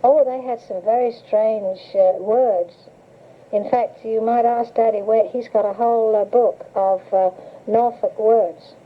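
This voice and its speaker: Recalling her past for an interviewer, an older woman chats and tells stories with lots of laughter. Her voice sits on the high side with fairly even intonation and a slightly slow pace, and the recording comes from a hissy, tinny old cassette.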